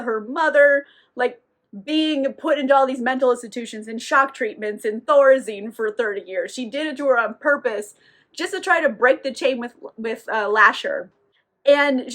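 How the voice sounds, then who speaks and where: A woman giving a casual book recap in an animated, profane manner, laughing often as she talks. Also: high-pitched. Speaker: book reviewer.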